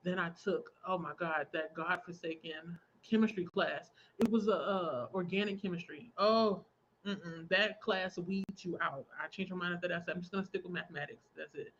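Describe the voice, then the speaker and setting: A young adult woman hosting a relaxed crafting livestream, chatting casually, laughing often and reading out viewer comments. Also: lowish voice, normal speed, dull audio, a little hiss or hum. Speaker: livestream host. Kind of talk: casual chat while crafting.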